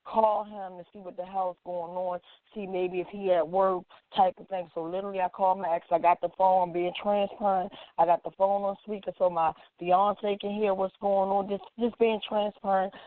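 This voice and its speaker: A woman's voice: mid-range voice, little pitch movement, normal speed, hardly any pauses, dry recording. Woman telling her story, playing out what everyone said, sounds like a phone call, no room sound. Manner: acts out quoted dialogue as she talks. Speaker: activist guest. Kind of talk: emotional personal storytelling. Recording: tinny phone-like line, dry.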